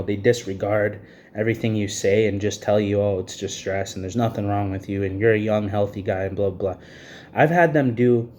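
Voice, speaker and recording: A man's voice: on the low side, darkish tone, slight background noise. Breathless, agitated man ranting. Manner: agitated, repetitive, many "you know what I mean" fillers. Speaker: vlogger. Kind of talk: ranting to camera.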